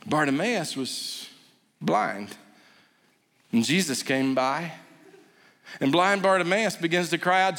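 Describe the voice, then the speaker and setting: High-voiced male pastor preaching in a hall. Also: unhurried, fairly bright tone. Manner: dynamic preaching, rising and dropping to near whisper. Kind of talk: sermon.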